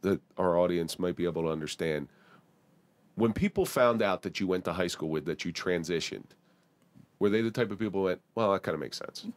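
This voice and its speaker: A man's voice: low-pitched, a little fast, no room sound. A man from the Atlantic City area hosting a podcast, asking direct, probing questions and adding personal asides. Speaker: podcast host. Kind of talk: interview questions, casual talk.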